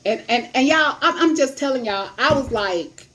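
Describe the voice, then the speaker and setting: A woman's voice: high voice, lively intonation, normal speed, fairly bright tone. A middle-aged woman hosting her own show, giving blunt advice on sex and relationships and retelling a story casually with quoted voices.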